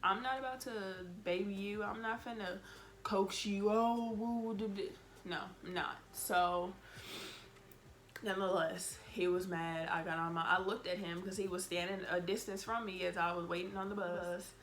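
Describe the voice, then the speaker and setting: A woman's voice: lowish voice, normal speed, a little hiss or hum. A woman telling a storytime vlog in a blunt, exasperated way, cussing freely and acting out what she said back then. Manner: animated, acts out her own lines. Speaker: vlogger.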